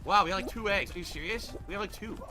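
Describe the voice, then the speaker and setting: A man live-streaming a game, reading chat aloud and exclaiming loudly while he plays. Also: high voice, fast talker. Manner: excitable, loud exclamations while playing.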